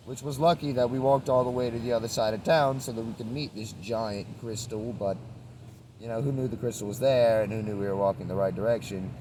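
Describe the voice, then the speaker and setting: A man's voice: medium pitch, background noise. A man rambling in a laid-back spiritual monologue while traveling, swearing now and then. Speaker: traveling vlogger. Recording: outdoor street recording from a distance.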